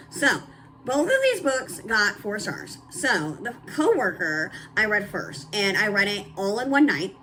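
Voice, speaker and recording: A young woman talks through her recent reads in a casual chat. Her voice is bright and forceful, and she is blunt and emphatic, with plenty of "like" and "um". A faint hiss sits under her voice. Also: mid-range voice, rough recording. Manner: blunt, emphatic and candid, with frequent "like" and "um". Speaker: book reviewer. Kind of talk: casual book review chat.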